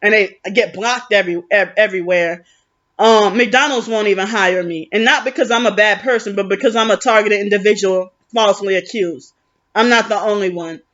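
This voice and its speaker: A woman's voice: mid-range voice, normal speed, fairly bright tone, muffled recording. A woman venting in a rambling, aggrieved vlog monologue, often restarting her sentences. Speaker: vlogger.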